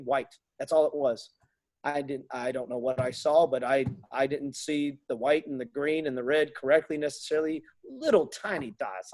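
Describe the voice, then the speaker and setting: Animated storytelling man, higher voice. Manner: animated, acts out dialogue in his stories. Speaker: guest. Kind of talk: casual storytelling.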